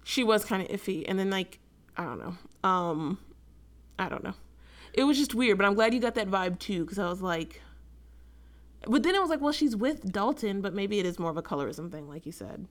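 A woman's voice: mid-range voice, moderate pace. Chatty woman discussing a book. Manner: chatty, animated, many fillers. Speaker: book podcast co-host.

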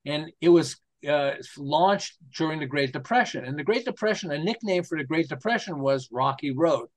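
Here an American marketing specialist in his sixties, interviewed as a guest, talks at normal speed in an animated voice on the high side. His enthusiastic, casual storytelling is sprinkled with laughs and rhetorical questions.

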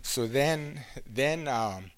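A man from Canada preaching his personal testimony at an ordinary pitch. He speaks earnestly and haltingly, often stopping to restart a phrase as he works through his story. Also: lively intonation, over a noisy crowd, heavy background noise.

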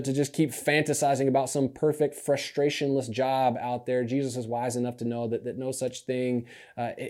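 Earnest soft-spoken male preacher. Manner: earnest, repeats phrases, drops to soft low voice for emphasis. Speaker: pastor. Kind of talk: sermon.

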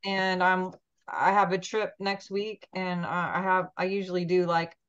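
A woman's voice: fairly low pitch, flat delivery, a little slow, a bit bright, clean tone. Gushing woman podcast host on a video call. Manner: chatty, gushing, many ums. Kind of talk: casual chat. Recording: dull lo-fi sound.

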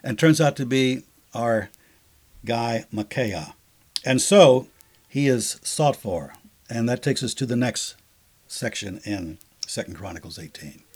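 A man co-hosting a casual Bible discussion, explaining passages conversationally with fillers and lively acted-out sarcastic lines. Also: medium pitch, measured pace, husky. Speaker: Bible study co-host.

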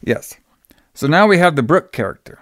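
A man's voice: fairly high pitch, very animated, normal speed, a bit bright, no room sound, studio quality. A man casually retelling a movie plot, rambling with fillers and restarts. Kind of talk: casual movie recap chat.

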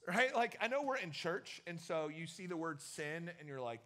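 A man's voice: sits high, lively intonation, moderate pace, hardly any pauses, pushed and bright. A young man preaching a casual youth sermon in a church, telling the story in a chatty way with many fillers. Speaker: youth pastor.

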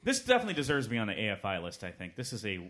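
A man with a low, bright, forceful voice talks through old movies on a podcast. He sounds eager and casual, letting his thoughts run on in long, loose stretches. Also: huge pitch swings, very fast. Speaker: podcast co-host. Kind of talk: casual film discussion.

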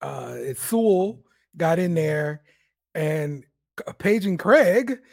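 A man recapping game plays on a casual sports podcast, in an unhurried, easygoing way. He talks very slowly, at a middle pitch. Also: lively intonation, gravelly. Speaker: podcast co-host.

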